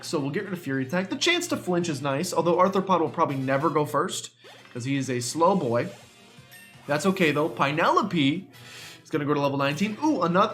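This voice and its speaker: Young male let's-player, animated and chatty, talks back to the game; soft music under him. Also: on the high side. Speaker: gaming YouTuber. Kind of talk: let's play commentary.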